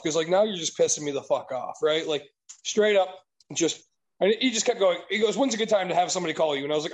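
High-voiced man ranting casually. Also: fast, poor audio. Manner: profane, exasperated storytelling. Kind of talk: casual chat.

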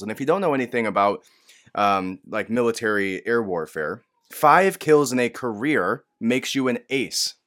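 A man giving casual, profane commentary on news videos, swinging from hushed retelling to loud outbursts. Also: medium pitch.

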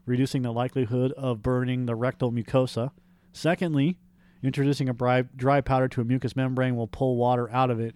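A man's voice: medium pitch, a little mellow, clear, resonant tone. A man co-hosting a comedic podcast, reading a listener's post aloud in a mock-formal way and laughing at crude jokes. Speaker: podcast co-host.

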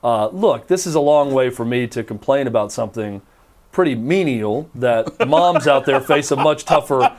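A man's voice: medium pitch, lively intonation, normal speed, darkish tone. A man in his thirties hosting a talk show, telling rambling, self-deprecating stories with emphatic insistence. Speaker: radio talk show host. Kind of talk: casual talk show banter.

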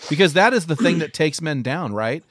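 A man hosting a casual interview, warmly affirming his guest and quoting from his book. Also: fairly high pitch, expressive, brisk, no echo, studio quality. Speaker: interview host.

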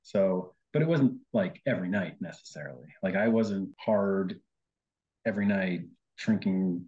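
A man's voice: low voice, animated, measured pace, mellow, dull audio. A man, a guest on the show, telling his side of a personal story in casual conversation, with lots of fillers and quoted lines of his own. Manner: chatty, quotes himself often, many fillers. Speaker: guest, host's husband.

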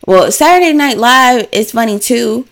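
A woman's voice: a little high, normal speed. Chatty woman podcast host, playful. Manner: chatty, playful and animated, repeats lines for emphasis. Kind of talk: casual solo podcast chat.

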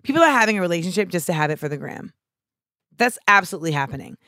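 Animated, foul-mouthed woman podcast host. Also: lowish voice, rapid-fire, no echo, studio quality. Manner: animated, profane storytelling with frequent asides. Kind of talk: casual podcast chat.

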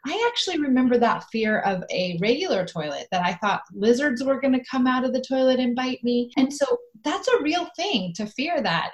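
A middle-aged woman co-hosting a parenting podcast, talking in an earnest, encouraging way and now and then acting out playful scenes. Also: fairly high pitch. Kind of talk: casual advice chat.

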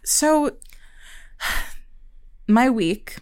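A young woman from Pennsylvania co-hosting a podcast, telling stories in a profane, animated way. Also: very slow, smooth. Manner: profane, animated storyteller, swings pitch high when quoting. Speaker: podcast co-host. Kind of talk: casual chat, storytelling.

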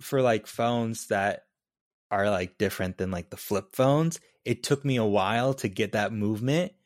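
A married man chatting casually, telling relaxed stories with many fillers. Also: fairly low pitch, moderate pace, no echo, studio quality. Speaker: podcast co-host. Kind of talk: casual chat.

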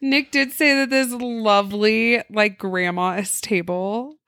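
A young woman co-hosting a podcast, telling stories in an animated way with laughter and acted-out voices. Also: on the high side, slow pace, no echo, studio quality. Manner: animated, laughing, acts out quoted people. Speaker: podcast co-host. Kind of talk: casual storytelling chat.

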